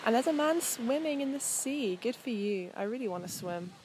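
A woman's voice: a little high, expressive, normal speed, background noise. A young woman hosting a walk, narrating casually outdoors on a coastal path in a chatty, meandering way with frequent ums. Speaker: host. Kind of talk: casual narration while walking.

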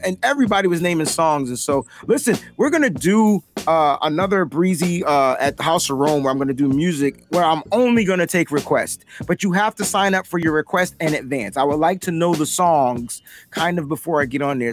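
A young adult man hosting a casual livestream podcast, talking loosely and animatedly, breaking into shouts and laughter. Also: a little high. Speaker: podcast host.

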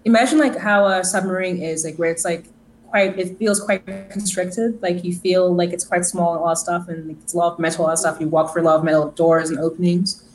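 A woman with a lowish voice runs a tabletop game, narrating scenes in a chatty, rambling way. Faint noise sits under the recording. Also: steady tone, brisk, poor audio. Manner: chatty, full of "like" and restarts. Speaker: game master.

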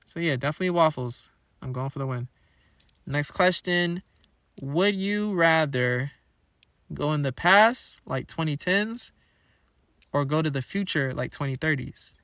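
A young man rambles through questions on his own podcast, playful and full of slang. His voice sits a touch higher than most men's. The sound is close and dry, with no room echo. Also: expressive, measured pace, a bit bright. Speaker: podcast host. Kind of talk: casual solo podcast chat.

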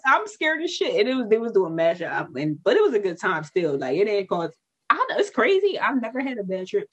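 Husky woman on a podcast, super animated, cusses a lot, gets loud and high when she disagrees. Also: fairly quick. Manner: blunt, animated, swears freely, voice jumps high when heated. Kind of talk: casual chat.

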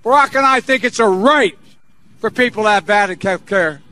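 Brief: a man doing a strained, high, mumbling elderly politician. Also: moderate pace, sharp tone. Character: impression of an elderly male politician, mumbling and garbled.

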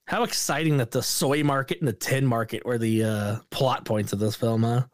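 A man's voice: mid-range voice, normal speed, no echo, clean studio sound. A man co-hosting a podcast, casually reviewing a movie with sarcastic remarks and silly impressions of its characters. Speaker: podcast co-host.

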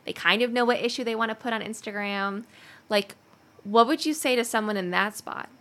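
A woman hosting a casual podcast chat, animated and chatty, with lots of likes and ums. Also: a little high, a little fast. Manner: chatty and animated, many fillers. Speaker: podcast host.

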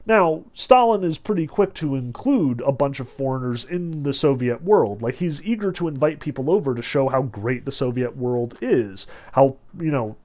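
Animated man lecturing on a novel. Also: medium pitch, normal speed, hardly any pauses. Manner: animated, conversational with frequent fillers. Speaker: literature teacher.

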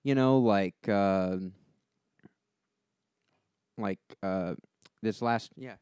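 Soft-spoken man with a smooth lowish voice. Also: extremely slow, no room sound, clean studio sound. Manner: rambling, filler-heavy with many "like"s. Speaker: podcast co-host. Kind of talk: casual chat.

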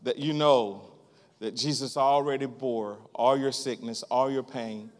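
A man preaching a sermon as a guest preacher, telling a story and breaking into loud, rhythmic laughter. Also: medium pitch, unhurried, in a large hall. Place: church sanctuary.

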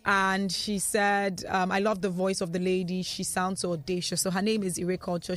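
A woman hosting a radio talk show in a studio, reading listeners' comments aloud in a chatty way and laughing easily. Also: lowish voice.

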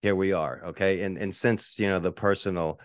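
Man, very deep voice, solo podcast host, profane ranting monologue, dry close sound. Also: fairly even intonation, moderate pace, clean tone, dry recording. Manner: ranting, profane, mocking the neighbors in shrill voices. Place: one-bedroom apartment.

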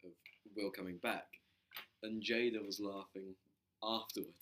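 A young man in a casual group discussion, halting and often losing his train of thought. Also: fairly low pitch, steady tone, a bit bright.

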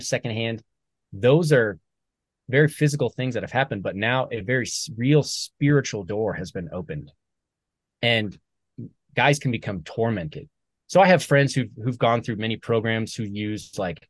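A man, a military veteran and author, talking earnestly as a podcast guest, animated when he quotes other people. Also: fairly low pitch, no room sound. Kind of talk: conversational storytelling.

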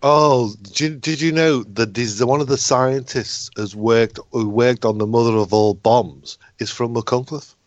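A man's voice: mid-range voice, a little slow, few pauses, no echo, muffled recording. A man, a comedian guest on a radio show, talking in a hesitant way with lots of ums and self-mocking jokes. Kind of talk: casual radio chat.

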